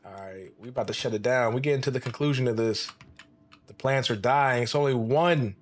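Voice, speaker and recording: A man casually commenting while he plays a video game, relaxed and slangy, talking to his chat, with features and keyboard typing behind him. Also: mid-range voice, a little fast. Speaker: streamer playing a game.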